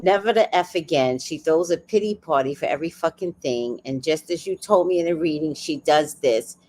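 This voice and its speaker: A woman's voice: sits low, normal speed, mellow, a little hiss or hum. A woman in her fifties hosting a livestream, telling a family story in casual chat. She acts out the people she quotes, laughs often and swears freely. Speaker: livestream host.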